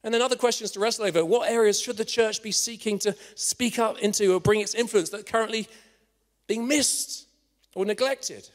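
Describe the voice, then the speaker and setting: Guy preaching a fired-up sermon, highish voice, big echoey church hall. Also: steady tone, brisk. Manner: impassioned, drops to a hushed whisper for the story's climax. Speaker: guest preacher.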